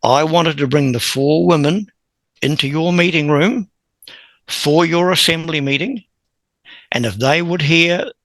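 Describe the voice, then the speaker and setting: A man, a podcast guest telling a long story in a lively, chuckling way. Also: on the high side, no echo, rough recording. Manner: animated anecdote-teller who chuckles and clears his throat. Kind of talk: conversational storytelling.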